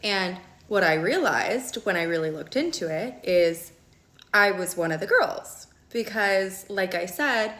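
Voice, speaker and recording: A young woman recounts a personal story straight to her viewers, talking quickly and with emphasis. Her voice sits on the low side for a woman, and the room gives it a noticeable echo. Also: fairly bright tone. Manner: emphatic, fast, checks in with "okay?" often. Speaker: storytime vlogger. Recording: echoey room.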